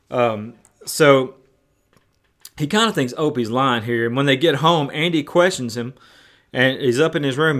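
A man's voice: medium pitch, a bit bright. A man preaching in a folksy, hesitant way, retelling a TV episode with frequent fillers.

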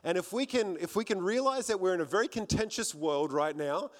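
A man's voice: high voice, a little fast. A middle-aged Australian man preaching a sermon, telling his own story earnestly and repeating phrases for emphasis. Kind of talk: sermon with personal testimony. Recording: long hall reverb.

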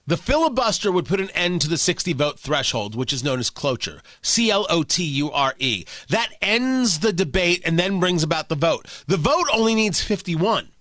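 A man's voice: fairly high pitch, sing-song, moderate pace, hardly any pauses, fairly bright tone, dry recording. A man hosting a political talk show, delivering combative, sarcastic commentary.

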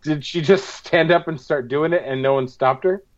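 A man co-hosting a podcast in loose casual chat, swearing freely and telling animated stories. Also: on the high side, moderate pace, lo-fi sound. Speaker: podcast co-host.

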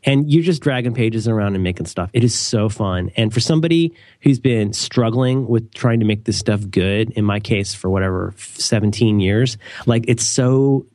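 A middle-aged man co-hosting a podcast and reading an ad in a jokey, rambling, animated way. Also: normal speed, hardly any pauses, no echo, studio quality. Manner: animated, rambling, jokey, with sudden high leaps. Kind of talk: casual podcast chat.

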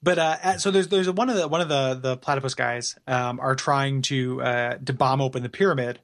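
A man's voice: mid-range voice, fairly even intonation, fairly quick, fairly bright tone. A man co-hosting a podcast in casual chat, talking in a chatty, enthusiastic way and laughing often. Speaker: podcast co-host.

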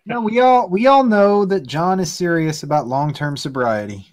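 A man co-hosting a podcast, chatting casually and teasing his friends with quick interjections. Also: on the high side, expressive, background noise. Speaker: podcast co-host. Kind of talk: casual banter among friends.

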